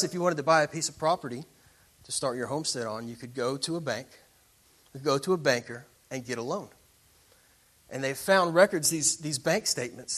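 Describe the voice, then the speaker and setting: Bright-voiced preacher man. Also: mid-range voice. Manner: dramatic, swings from quiet to loud. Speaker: pastor. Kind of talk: sermon.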